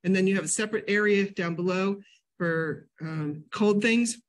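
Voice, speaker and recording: Older woman, casual health talk, animated storyteller, mid pitch. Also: moderate pace. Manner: chatty, animated storyteller with sudden loud jumps and laughs. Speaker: health educator giving a library talk. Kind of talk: casual lecture with personal stories.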